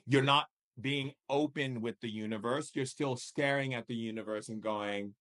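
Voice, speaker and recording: A man's voice: mid-range voice, moderate pace, hardly any pauses, a bit bright. A man leading a live spiritual coaching session as a shamanic teacher, emphatic and repetitive, with pointed rhetorical questions.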